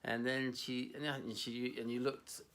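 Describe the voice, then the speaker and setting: A man's voice: mid-range voice, level tone, measured pace, fairly bright tone. Rambling, self-mocking male co-host. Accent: Scottish. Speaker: podcast co-host. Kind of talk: casual conversation.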